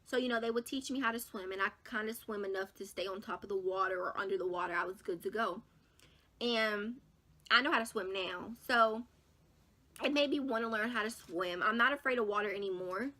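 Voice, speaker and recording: A young woman vlogger telling a personal story to her viewers in casual, slangy talk, animated and dramatic, with big jumps in pitch and loudness. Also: a little fast. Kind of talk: storytime vlog.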